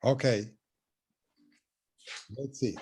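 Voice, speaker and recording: A man's voice: mid-range voice, fairly even intonation, drawn-out words, a little mellow. A man training his dog who gives short, clipped commands and replies.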